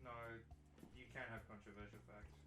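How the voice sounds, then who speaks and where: A man's voice: lowish voice, little pitch movement, normal speed. A man co-hosting a casual podcast, offhand and blunt. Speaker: podcast co-host. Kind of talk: casual chat. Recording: echoey room with background music.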